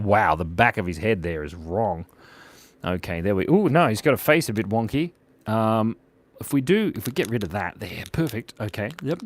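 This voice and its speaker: A man's voice: mid-range voice, no room sound. A young man hosting a live drawing stream, chatting playfully, giggling, and reading out viewer comments. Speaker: drawing livestream host. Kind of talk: casual live drawing chat.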